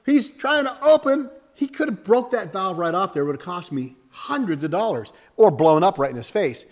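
A man preaching a sermon with lots of energy, acting out little scenes and jumping up and down in pitch and loudness. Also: moderate pace, big-room sound. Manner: animated, acts out little scenes with sudden jumps in pitch and volume. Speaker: pastor.

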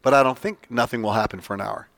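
A man preaching an informal sermon, telling stories, his voice leaping up when he gets excited and falling soft and low for earnest points. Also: fast talker, creaky, no echo. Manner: animated, jumps up in pitch for quoted lines. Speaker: pastor.

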